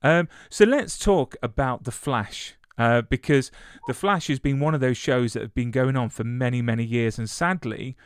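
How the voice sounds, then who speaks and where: A man's voice: medium pitch, moderate pace, clean tone, dry recording. Male host: mid-range voice, chatty and eager, recorded dry and close. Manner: chatty, eager questions with restarts. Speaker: interview host. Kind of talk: casual interview chat.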